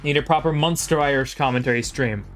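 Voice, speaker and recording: A man giving live play-by-play commentary on a video game match, calling each move quickly and chatting with viewers between plays. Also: mid-range voice, a bit bright, faint music behind.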